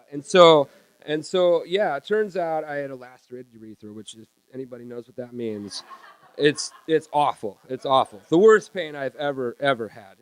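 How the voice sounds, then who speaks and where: Male storyteller, middle pitch, smooth clear voice, dry close sound, halting live stage delivery. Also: no room sound. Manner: halting, repeats words while acting out his own reactions. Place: small theater.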